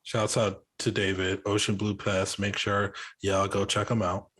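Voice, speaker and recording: A man's voice: on the low side, completely flat delivery, a little slow, fairly bright tone, slightly rough. A man co-hosting a podcast, chatting casually in a laid-back way. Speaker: podcast co-host. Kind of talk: casual chat.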